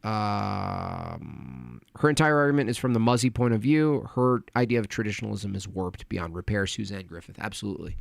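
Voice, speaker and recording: A man's voice: fairly low pitch, creaky, no echo, studio quality. A man hosting a livestream, reading chat donations and commenting in a rambling, distracted way, often muttering to himself.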